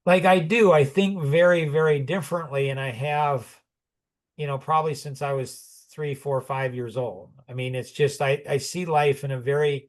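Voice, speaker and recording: A man's voice: a little high, fairly even intonation, normal speed. A man in his sixties telling personal stories in conversation, rambling and reflective, often restarting and chuckling. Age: 60s.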